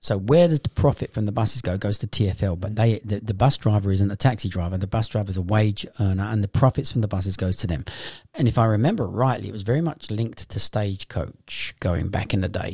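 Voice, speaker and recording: A man's voice: lowish voice, a little fast, few pauses, a little mellow, husky, no room sound, studio quality. A man explaining his views at length in casual podcast chat. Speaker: podcast co-host, cab driver.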